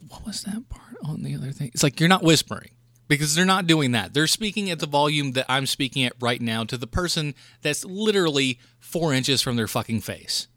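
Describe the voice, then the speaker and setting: A man's voice: a little high, animated, a little fast, pushed and bright, no room sound, studio quality. A man hosting a podcast, ranting in a profane, fired-up way about rude moviegoers in casual chat. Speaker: podcast host.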